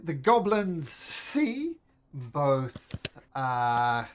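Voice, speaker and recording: A man narrating a tabletop game as game master, animated, counting out moves and ruling on dice. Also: medium pitch, drawn-out words, a little hiss or hum. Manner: animated, breaks into goblin voices, counts out movement. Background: faint music.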